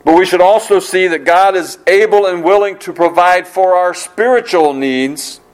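A man delivers a sermon in an earnest, steady preaching voice that sits a little high for a man. He repeats key phrases and slows down to stress them, building his points one by one. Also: rough recording. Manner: earnest, repetitive preaching with emphatic slow phrases. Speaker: pastor.

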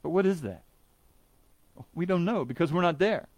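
A man's voice: high-pitched, animated, moderate pace, no room sound. A man preaching a sermon in an earnest, emphatic way, stressing words by repeating them, with an occasional light joke.

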